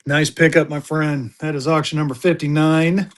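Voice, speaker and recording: Hosting and selling on a live online auction stream, a man speaks at normal speed in a fairly high voice with little pitch movement. He shows items while joking and bantering casually with viewers.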